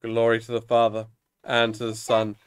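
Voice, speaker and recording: A man leading evening prayer, reading psalms and scripture in a measured, solemn way, now and then tripping over a word. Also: mid-range voice, monotone, smooth.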